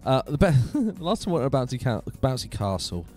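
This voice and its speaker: A man hosting a casual gaming live stream from his home computer room, chatty and animated, laughing often. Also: mid-range voice, fast, soft background music.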